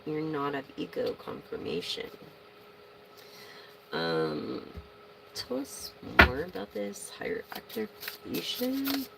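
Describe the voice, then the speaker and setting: A woman giving a casual tarot reading to her viewers, chatty and excitable, swearing freely and breaking into loud bursts. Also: sits low, slow pace, gravelly, pauses often, very noisy. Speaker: tarot reader.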